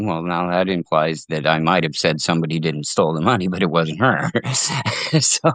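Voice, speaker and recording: A man's voice: low voice, normal speed, a bit bright, no echo. A man talking as a podcast guest in casual chat, agreeable and given to chuckles and restarting his phrases.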